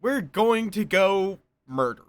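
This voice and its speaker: High, lively, tired streamer man. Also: slow pace, no echo. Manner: playful, slips into silly put-on accents. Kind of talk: casual livestream chat while gaming. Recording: faint music in the background.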